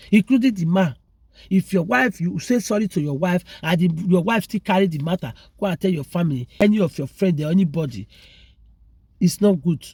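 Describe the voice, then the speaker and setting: A man's voice: high-pitched, breathy edge, no echo. A man with a Nigerian English accent and Pidgin phrasing gives earnest, repetitive marriage advice outdoors on his way to work, calling listeners brother and sister. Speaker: relationship advice vlogger. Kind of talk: preachy marriage advice monologue. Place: outdoors near a road, on the way to work. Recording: loud traffic noise outdoors.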